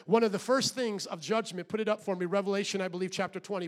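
A middle-aged man with a notably high voice preaches a sermon in a church. He drops to a hushed, low delivery and then builds to loud, shouted exhortation. He questions the congregation directly. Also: fast, few pauses. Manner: acts out quoted voices, asks the congregation questions. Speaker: pastor.

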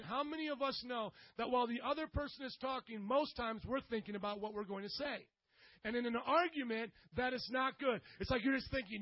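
A middle-aged man preaching a sermon to a congregation, animated and joking, rising now and then to loud bursts. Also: very high-pitched, no room sound, muffled recording. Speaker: pastor.

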